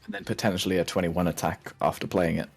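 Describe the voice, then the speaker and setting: A man co-commentating on a card game, breaking down the board in a measured, analytical way. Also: low voice, very animated, creaky, faint music behind.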